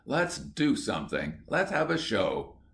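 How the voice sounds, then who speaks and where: A man's voice: medium pitch, wildly swooping pitch, a little slow, vocal fry, a bit bright, voice pushed up, exaggerated voice. A man voicing a bossy, stubborn schoolboy leader who speaks sternly and crushes his friends' objections in an audiobook.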